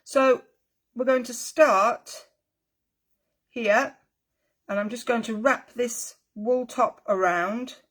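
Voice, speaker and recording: A woman's voice: fairly high pitch, slow, pauses often, fairly bright tone. A woman teaching a craft tutorial in a chatty, friendly way, with rambling asides and frequent ums. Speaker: needle felting teacher.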